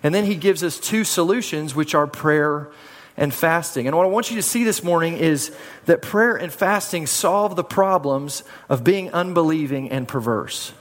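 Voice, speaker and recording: Guy preaching, kinda high voice, chatty and repeats himself, long church echo. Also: moderate pace. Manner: conversational, repeats words, asks congregation to respond. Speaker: pastor. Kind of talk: sermon. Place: church sanctuary. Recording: hall reverb.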